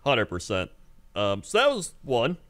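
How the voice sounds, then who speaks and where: A man's voice: medium pitch, huge pitch swings, unhurried, fairly bright tone, dry recording, studio quality. A man in his thirties co-hosting a podcast, telling rambling stories with lots of laughs and acted-out voices. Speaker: podcast co-host. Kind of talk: casual storytelling chat.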